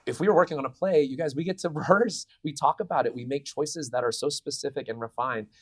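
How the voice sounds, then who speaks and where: A man in his thirties, a voice actor giving a convention interview, telling stories in an animated way with many restarts. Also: on the high side, fast, breathy edge. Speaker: voice actor guest. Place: convention venue.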